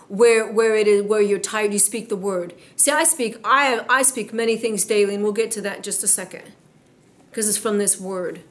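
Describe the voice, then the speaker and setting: A woman preaching a sermon in an emphatic, exhorting way, slowing down to stress her points. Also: medium pitch.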